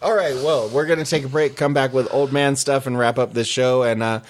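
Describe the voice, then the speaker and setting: A man's voice: mid-range voice, fairly even intonation, brisk. A man hosting a casual podcast chat, rambling through a film pick, laughing often and swearing now and then. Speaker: podcast host.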